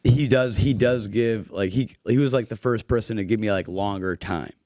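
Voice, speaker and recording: A man, a stand-up comedian, chatting casually on a podcast, halting with many fillers and swearing. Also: fairly low pitch, warm tone, no room sound, clean studio sound. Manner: halting, filler-heavy, profane. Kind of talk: casual chat.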